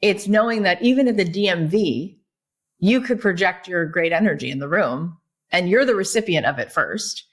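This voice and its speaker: A woman guest on a podcast, telling stories in a lively, chatty way, full of "like" and "right?". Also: fairly low pitch, moderate pace. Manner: animated storyteller, many fillers like "like" and "right?". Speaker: guest, author and podcast host. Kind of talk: casual podcast conversation.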